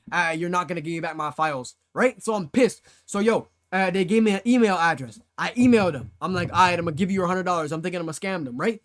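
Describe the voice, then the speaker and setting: A young man streamer telling a story to his live chat in casual slang, acting out his own past reactions. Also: high voice.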